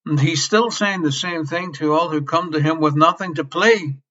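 A man preaching a sermon with passion. He swings between loud emphasis and soft near-whispers and repeats key phrases. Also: on the high side, moderate pace. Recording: slightly dull lo-fi sermon recording.

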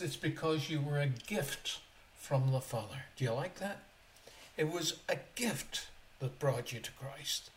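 A man preaching on his own podcast, reading verses aloud and driving each point home with sharp rises and drops. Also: fairly high pitch. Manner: slow, emphatic, rises and drops sharply for emphasis. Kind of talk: podcast sermon.

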